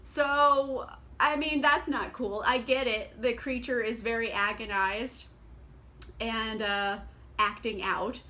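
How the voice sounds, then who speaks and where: A young woman talks through her reading in a casual book vlog, chatty and sarcastic. Her voice sits high and sounds bright and lively. She fills her sentences with fillers and breaks into quick laughs. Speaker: book vlogger.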